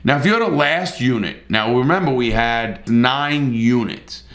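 A man's voice: mid-range voice, lively intonation, a little slow, fairly bright tone, roomy sound. A middle-aged man telling a story in a blunt, profane, casual way, with repeated starts.

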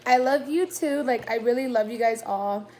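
A woman's voice: on the high side, normal speed, mellow, slight background noise. Teary young woman gushing, full of "like". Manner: gushing, emotional, fills with "like". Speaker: vlogger. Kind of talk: casual mukbang Q&A chat.

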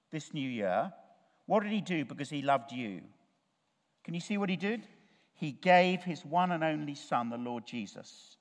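Preacher man in a reverberant church. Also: fairly high pitch. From Chile, raised in Africa. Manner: storytelling, humorous, asks the congregation questions. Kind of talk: sermon. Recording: long reverb of a church hall.

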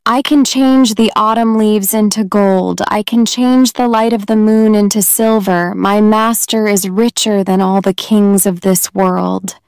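A scheming young witch, coaxing and sly, as a woman reads her aloud. Her words come slowly and softly in a smooth, clear voice. The recording is dry and close. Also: medium pitch, fairly even intonation, no room sound, close to an everyday voice.

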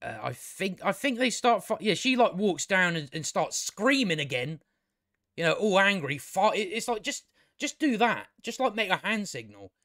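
A fairly high-voiced man ranting casually about something that irritates him, sarcastic and exasperated, with plenty of swearing and false starts. The sound is dry and close, with no room echo. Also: sing-song, normal speed, bright, forceful tone. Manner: exasperated, sarcastic, swears a lot, many restarts. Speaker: video reviewer. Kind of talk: casual rambling review.

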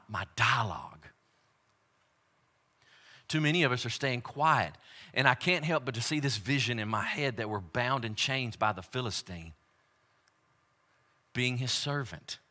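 A man preaching a sermon as pastor, moving from quiet, joking asides to loud, emphatic repeated lines. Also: mid-range voice.

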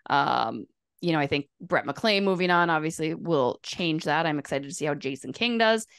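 A woman's voice: sits low, lively intonation, moderate pace, fairly bright tone, clear, resonant tone, dry recording, clean studio sound. A woman, co-hosting a casual hockey podcast and talking things through with lots of fillers. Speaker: podcast co-host.

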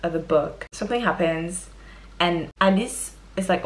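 Chatty young woman reviewing books. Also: on the low side. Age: young adult. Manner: chatty and expressive, quick exaggerated exclamations. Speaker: book vlogger. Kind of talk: casual book review monologue.

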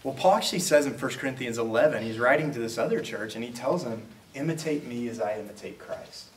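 A man's voice: medium pitch, lively intonation, quick pace, slight background noise. A man preaching a sermon as a pastor, talking in a conversational way and acting out quoted exchanges. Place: church auditorium. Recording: roomy, from a distance.

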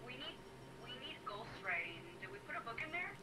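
A teammate on voice chat making quick, offhand calls during a game. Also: medium pitch, big pitch swings. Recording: noisy voice-chat line.

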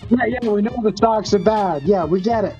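High mellow guy, dry nitpicky rpg player, muffled cheap mic. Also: a little fast, soft background music. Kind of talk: playing a tabletop game in character. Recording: dull lo-fi mic.

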